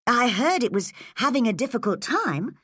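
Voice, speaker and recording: A woman reading a storybook and voicing an eager, excitable teenage girl, her voice jumping high. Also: normal speed, husky, dry recording, studio quality, heavily acted. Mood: earnest.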